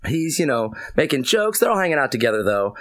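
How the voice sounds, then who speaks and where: A man's voice: mid-range voice, very animated, quick pace, fairly bright tone. A man loosely recapping a story for his co-hosts, rambling with many fillers. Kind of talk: comedic plot recap.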